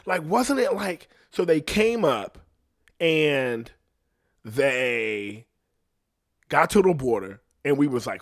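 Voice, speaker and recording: A man hosting a podcast in a casual, profane rant, rambling and trailing off quietly, often laughing at himself. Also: on the high side, sing-song, unhurried. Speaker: podcast host.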